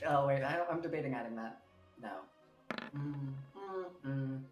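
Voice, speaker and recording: A woman playing in a tabletop game, eager and bargaining, quick to jump in. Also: a bass voice, animated, a little mellow, soft background music. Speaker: player. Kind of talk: tabletop play chat.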